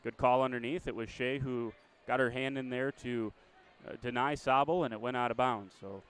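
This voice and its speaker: Man calling high school basketball play-by-play. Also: fairly even intonation, normal speed, smooth. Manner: chatty, self-correcting, chuckles at himself. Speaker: play-by-play announcer.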